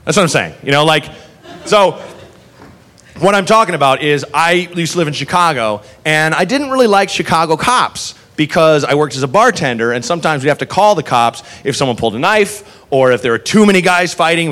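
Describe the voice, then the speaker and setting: A man doing stand-up, telling a long story in an animated, profane way. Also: fairly high pitch, a little fast. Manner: animated, profane, jumps into voices. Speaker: stand-up comedian.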